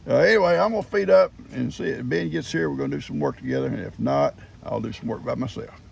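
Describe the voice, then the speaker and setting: Older man, farm vlogger, heavy vocal fry, easygoing rambling chat, outdoors with faint background hum. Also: medium pitch, fast talker. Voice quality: gravelly. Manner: folksy storyteller, chuckles often.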